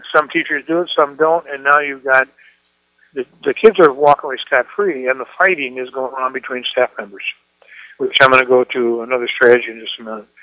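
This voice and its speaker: A man's voice: on the high side, pushed and bright, no echo, rough recording. A middle-aged man from Iowa, a school principal giving a folksy talk to educators and acting out the people he quotes. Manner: folksy storyteller, acts out quoted voices. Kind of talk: presentation to educators.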